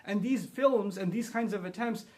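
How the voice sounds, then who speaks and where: Male preacher, fairly high voice, earnest short sermon that climbs in force on key lines, honorifics tossed off fast and soft. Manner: builds to emphatic, rising delivery when quoting scripture; murmurs honorifics quickly and softly. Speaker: Islamic speaker. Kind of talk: short religious talk.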